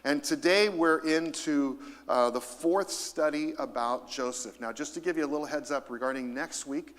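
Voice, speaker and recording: A middle-aged man preaching a sermon in a church, lively and emphatic, calling out to the congregation for responses. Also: a little high, normal speed. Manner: lively, rising to emphasis, calls for audience responses. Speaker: pastor. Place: church auditorium. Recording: long hall reverb.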